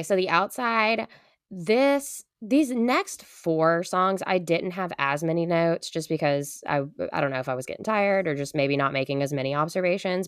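A woman co-hosting a casual podcast, animated, often jumping into high playful voices when she quotes. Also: clean tone, dry recording, clean studio sound. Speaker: podcast co-host, student.

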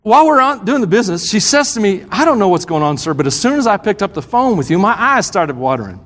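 A man's voice: high-pitched, sing-song, quick pace, fairly bright tone. A male pastor preaching a sermon, telling a story in a self-deprecating way with frequent chuckles, in a church sanctuary. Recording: reverberant church hall.

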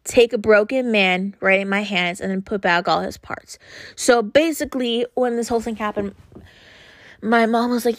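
A young woman hosting a podcast, talking frankly and earnestly in a casual monologue, often pausing on fillers. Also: a little high, steady tone, no echo, clean studio sound. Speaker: podcast host.

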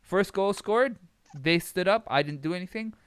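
A man's voice: high-pitched, normal speed, smooth, dry recording, clean studio sound. A young man from Abu Dhabi telling a story in casual chat, swearing freely and often laughing as he talks. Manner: animated, swearing, laughs while telling stories.

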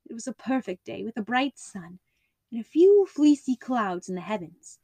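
A woman reads a classic story aloud in an even, clear voice. Her pitch sits fairly high, and the recording is dry and close with no room sound. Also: normal speed, dry recording. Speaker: audiobook narrator. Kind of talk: scripted narration.

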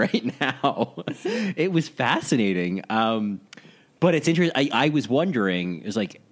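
A young adult man guesting on a casual podcast, reacting with gasps, laughs and animated commentary. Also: lowish voice. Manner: expressive, gasping and laughing, lively reactions. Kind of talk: casual chat.

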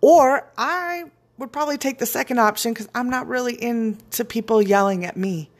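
A woman's voice: fairly high pitch, normal speed. A woman giving a frank, casual motivational talk. She swears freely and laughs often. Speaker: speaker on personal boundaries.

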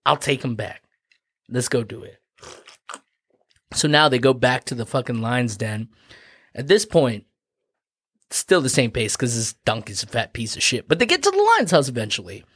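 A man's voice: mid-range voice, huge pitch swings, normal speed, fairly bright tone, breathy edge, no room sound, studio quality. A man co-hosting a podcast, retelling a folk tale in a casual, profane, rambling way. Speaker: podcast co-host and storyteller. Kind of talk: casual comedic storytelling.

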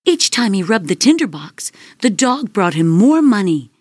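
Woman storyteller for fairy-tale narration, breathy voice, lively pitch, dry close sound. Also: dry recording. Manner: slow, expressive storytelling.

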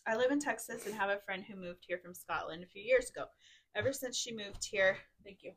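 A woman's voice: medium pitch, fairly quick. Woman host, slightly tipsy, casually reading party anecdotes aloud, giggling between them. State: tipsy, drinking wine. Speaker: podcast host. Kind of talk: reading drunken stories aloud to friends.

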